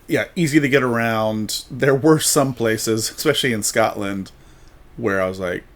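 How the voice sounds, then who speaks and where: A man's voice: medium pitch, normal speed. A man from the United States hosting a podcast, chatting casually and acting out the people he met. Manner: rambling storyteller, quotes people in voices. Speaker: podcast host. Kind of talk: casual chat.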